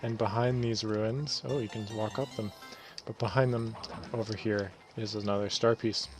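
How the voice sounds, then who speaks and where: Over music, a man with a fairly low voice talks at a moderate pace as a let's play host. His commentary on the video game is relaxed and rambling, and he frequently corrects himself along the way.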